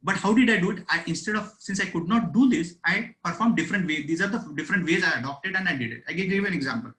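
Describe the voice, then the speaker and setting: A man with an Indian accent gives a fast seminar lecture, switching between English and Hindi, with many fillers. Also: high voice, expressive, fairly bright tone, poor audio. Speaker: speaker at a professional seminar.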